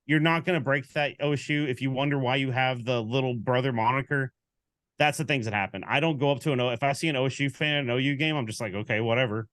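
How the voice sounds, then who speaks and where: A man co-hosting a sports talk show, chatting casually and animatedly. He tells anecdotes by acting out each side of the conversation. His voice sits at an everyday middle pitch and sounds close and dry. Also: fast, dry recording. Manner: animated storyteller, acts out quoted exchanges. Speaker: podcast co-host.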